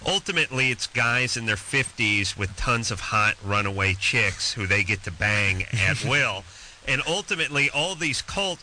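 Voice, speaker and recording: A man's voice: mid-range voice, lively intonation, moderate pace, few pauses, sharp tone, a little hiss or hum, rough recording. Crude, joking male radio host. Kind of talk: casual talk radio chat.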